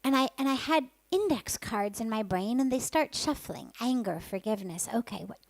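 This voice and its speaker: A woman's voice: on the high side, expressive, normal speed, no echo. A woman who is a spiritual teacher tells a personal story candidly and vividly, sometimes dropping to a whisper for her inner thoughts.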